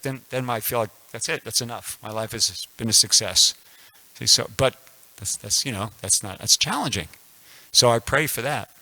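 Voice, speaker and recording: Heard through poor audio, this man has a medium pitch and a sharp tone. He's in his sixties, leading an informal scripture class at a temple and telling a personal story that rambles, with frequent restarts and fillers.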